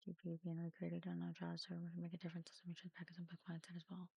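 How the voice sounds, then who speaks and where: A woman streamer reading forum posts aloud during a game stream, halting and mumbling at times. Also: fairly low pitch, monotone, gravelly, mellow, breathy edge, no echo, highs cut off.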